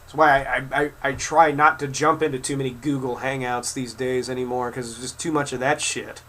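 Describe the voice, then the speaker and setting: A man's voice: mid-range voice, flat delivery, a little fast, a bit bright. A man in his twenties ranting angrily to camera at his critics, swearing hard and stumbling over repeated words. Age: 20s. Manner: furious, swearing, stammering repeats. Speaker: video creator answering critics. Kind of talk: angry profane rant to camera.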